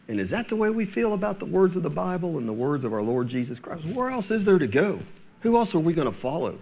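Lively, emphatic male preacher. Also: on the high side, fast talker, slightly rough. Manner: emphatic preaching with rhetorical questions. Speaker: pastor. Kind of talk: sermon.

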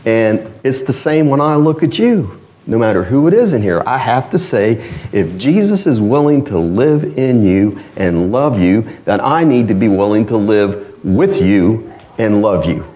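A man's voice: lowish voice, expressive, unhurried, warm tone. A man with a northern US accent preaching a sermon in a folksy, conversational way with frequent asides to the congregation.

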